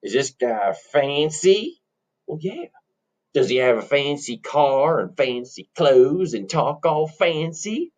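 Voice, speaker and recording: A man's voice: fairly high pitch, sing-song, slow, a little mellow, pitched above the performer's own voice. A man doing a blunt, drawling fellow. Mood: suspicious. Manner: drawling, ungrammatical country talk. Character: folksy country farm-raised man, blunt. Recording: dull lo-fi recording.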